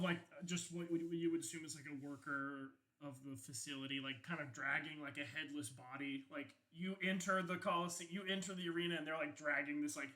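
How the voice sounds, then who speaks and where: Ein junger Mann, der als Spielleiter locker und ausschweifend eine Tischrollenspiel-Szene erzählt, mit vielen Füllwörtern und Flüchen. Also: male voice, on the high side, bright, forceful tone, low-quality recording. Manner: casual, rambling with many fillers and profanity. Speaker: game master. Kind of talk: narrating a tabletop game.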